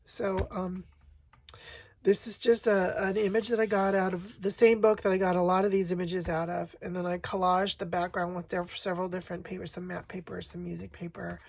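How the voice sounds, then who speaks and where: A woman talking casually and reflectively through her craft journal pages, with frequent pauses and ums. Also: lowish voice, level tone, gravelly, darkish tone, a little hiss or hum. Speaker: crafting vlogger.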